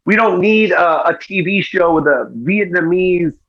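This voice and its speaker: A middle-aged man with a high voice talks a little slowly as a guest comedian and actor in an interview conversation. He's earnest, repeating "you know what I mean," over muffled audio.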